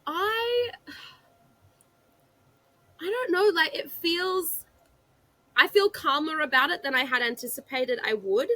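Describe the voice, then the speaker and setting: A woman's voice: high voice, slow pace, long pauses, pushed and bright, no echo. A woman with an Australian accent, an author guest talking casually on a video call, reflective and often restarting her sentences. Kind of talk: casual interview chat.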